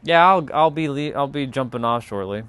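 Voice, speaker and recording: A laid-back man chats off the cuff with his live stream audience, his smooth voice at an ordinary middle pitch for a man. Unhurried and easygoing, he talks straight to viewers and rambles loosely from one thought to the next.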